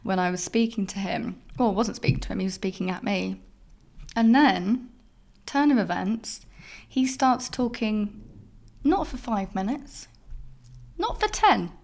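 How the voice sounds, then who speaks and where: A young woman hosting a solo podcast, telling stories in a candid, expressive way and swearing freely. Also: mid-range voice, measured pace, creaky, pauses often. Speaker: podcast host.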